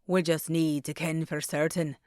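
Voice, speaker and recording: A woman voicing a warm, emotional Scottish man who talks in formal, old-fashioned Scots phrases, with a thick Scottish accent. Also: low voice, flat delivery, moderate pace, dry recording, studio quality, lightly acted.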